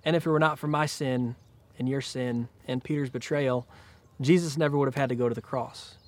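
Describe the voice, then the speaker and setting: A man preaching a sermon to a church congregation, retelling scripture in a relaxed, conversational way. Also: medium pitch, a little fast. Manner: conversational, paraphrases scripture in casual speech. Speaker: pastor.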